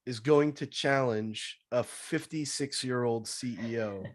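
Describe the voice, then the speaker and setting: Energetic man coaching on sales. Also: medium pitch, a little slow, no room sound, studio quality. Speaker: sales trainer guest. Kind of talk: casual podcast interview.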